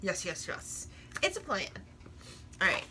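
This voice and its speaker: A woman's voice: mid-range voice, very animated, a little slow, background noise. A woman in a casual crafting vlog, chatting and rambling while she works, often laughing at herself. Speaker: crafting vlogger.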